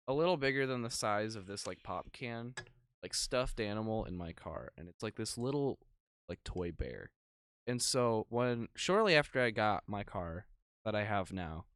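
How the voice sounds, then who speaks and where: A man's voice: mid-range voice, fairly bright tone, smooth, no room sound. A young man co-hosting a podcast, telling rambling, profane stories in casual chat. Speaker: podcast co-host.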